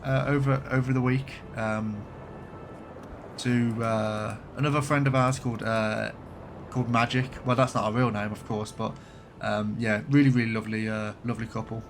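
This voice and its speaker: A man's voice: on the low side, little pitch movement, moderate pace, faint music behind. Chatty British man with a light Birmingham accent. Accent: light Birmingham English. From Birmingham, England. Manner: chatty, rambling, swears casually. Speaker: streamer. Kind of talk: live game stream commentary.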